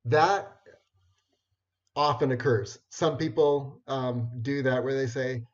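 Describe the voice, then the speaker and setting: A man giving an informal talk on networking skills, unhurried, with many fillers and restarts. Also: medium pitch, fairly even intonation. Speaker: networking presenter. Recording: dull lo-fi recording.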